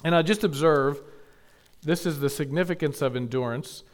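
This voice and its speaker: Man preaching a sermon, fairly high voice. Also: moderate pace. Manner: preaching with swells of emphasis and quiet asides. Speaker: pastor.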